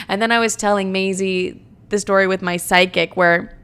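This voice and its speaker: A woman's voice: medium pitch, fairly even intonation, a little fast, sharp tone, clean tone. A young adult woman telling a casual storytime monologue, blunt, profane and self-mocking, with many "like" fillers. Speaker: vlogger.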